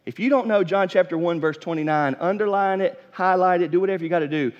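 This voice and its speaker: A man preaching a sermon as pastor, animated and folksy, rising in emphasis. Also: high-pitched, fast talker. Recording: dull lo-fi sound with long hall reverb.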